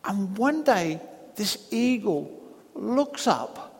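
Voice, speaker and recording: A man preaching a sermon in a church, telling a story slowly and deliberately with long pauses. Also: high voice, sing-song, vocal fry, slightly rough, long reverb tail.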